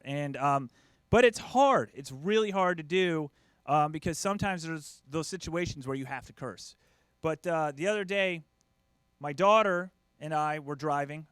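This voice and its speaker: A slightly high, smooth male voice with no room sound belongs to a middle-aged American comic. During his stand-up set he animatedly plays his family members, quoting their voices.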